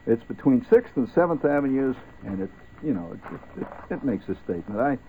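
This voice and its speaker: A man's voice: medium pitch, lively intonation, a little fast. A man hosting a late-night radio show, rambling wryly and talking straight to his listeners. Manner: wry, meandering, talks straight to listeners. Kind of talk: rambling ad-libbed radio talk. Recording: tinny old radio broadcast with faint hiss.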